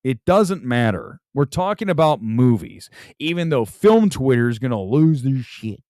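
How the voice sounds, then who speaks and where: A man's voice: medium pitch, very animated, normal speed, darkish tone, dry recording. A man hosting a movie talk live stream, chatting casually and rambling with frequent restarts. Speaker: movie talk show host.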